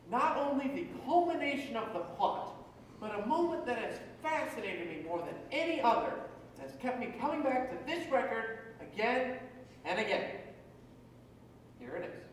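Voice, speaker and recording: A wistful, chatty musical fan. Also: male voice, very high voice, big pitch swings, moderate pace, slight background noise. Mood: confiding. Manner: confiding, rambling monologue. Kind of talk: stage monologue to the audience. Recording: echoey theatre stage, mic far off.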